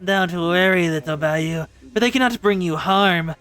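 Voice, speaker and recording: A streamer voicing a cruel, proud old grandmother, speaking in a slow, stately, coldly calm way while reading a game's story aloud. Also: medium pitch, faint music behind, natural voice.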